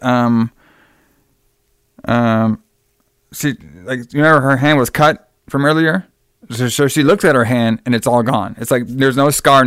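A young man rambles through a film plot with plenty of fillers and restarts. His voice sounds smooth and resonant. The recording is dry and close. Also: mid-range voice, no echo. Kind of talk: casual film recap.

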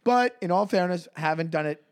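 A man's voice: sits high, brisk. A man, co-hosting a podcast and telling a story in casual chat, acting out the people he quotes. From New York. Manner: animated, acts out quoted voices loudly. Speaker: podcast co-host.

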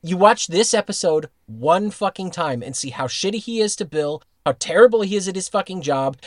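A man's voice: high voice, no echo, clean studio sound. A man co-hosting a podcast, chatting casually about a cartoon and ranting emphatically with heavy swearing. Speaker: podcast co-host. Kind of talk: casual chat reviewing a cartoon episode.

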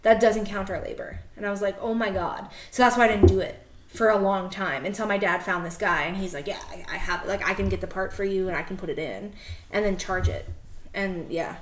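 A woman co-hosting a podcast in casual chat, telling animated stories, laughing often and acting out her father's gruff replies. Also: mid-range voice, fairly quick, reverberant, noisy background. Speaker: podcast co-host. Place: podcast studio.

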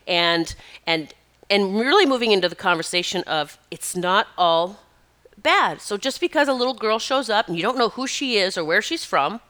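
Bright-voiced chatty middle-aged woman. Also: mid-range voice, animated, moderate pace. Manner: chatty, emphatic, prone to tangents. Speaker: spiritual advisor. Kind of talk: casual monologue.

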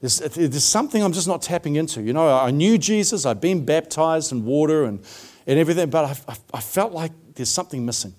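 A man's voice: on the high side, animated, fairly quick, darkish tone. A middle-aged man preaching a sermon, telling his own story in a conversational way with frequent fillers.

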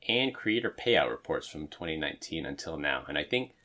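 A man's voice: extremely low pitch, fairly quick. A man hosting a podcast, chatting casually and then reading out a tech news rundown. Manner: hesitant, restarts a lot in chat, steady when reading news. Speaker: podcast host.

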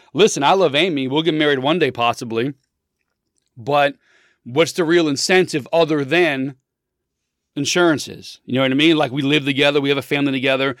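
A man's voice: a little high, fairly bright tone, no echo, clean studio sound. A man in his thirties talking politics in a blunt, opinionated, rambling monologue, full of restarts.

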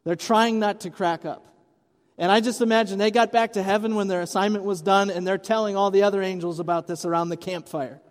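A man's voice: high-pitched, fairly even intonation, fairly quick. A man preaching an Easter sermon as pastor, retelling the story conversationally with light humor. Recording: long hall reverb.

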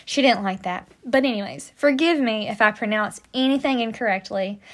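A chatty young American woman hosts a history podcast, talking in a casual, joking way with plenty of playful asides. Her voice sits a little higher than most. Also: normal speed. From United States. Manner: chatty, joking asides, southern-tinged "y'all". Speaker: podcast host.

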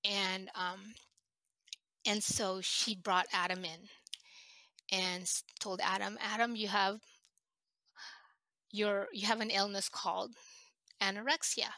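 Bright-voiced mother telling her story. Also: medium pitch, flat delivery, no room sound. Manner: halting, emotional, many restarts. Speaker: guest. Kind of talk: personal storytelling in an interview.

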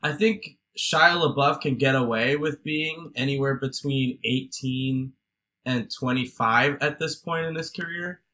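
A man's voice: medium pitch, measured pace, pushed and bright. A man co-hosting a casual movie podcast, laughing often and swearing freely. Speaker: podcast co-host.

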